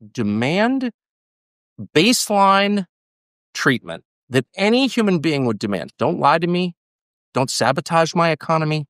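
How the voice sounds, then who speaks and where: An American man argues hard, his pitch swinging widely as he drives each point home. His voice is dry and close, with little room sound, and he repeats phrases for stress. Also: very animated, measured pace, a bit bright, no room sound. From United States. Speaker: interviewee. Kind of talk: heated political conversation.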